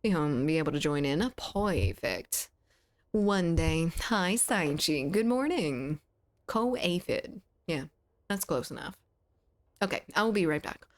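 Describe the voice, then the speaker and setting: A woman's voice: low-pitched, expressive, slow pace. A woman with a mild Southern US accent, chatting casually on a game livestream, reading her chat aloud and laughing easily. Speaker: game streamer. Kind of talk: casual live-stream chat while gaming.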